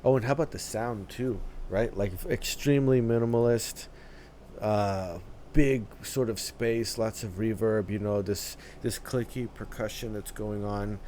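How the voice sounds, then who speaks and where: A man hosting a reaction video, talking casually in halting phrases with many fillers and restarts, often tagging "right?" and "dude.". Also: fairly low pitch, dark tone, slight background noise.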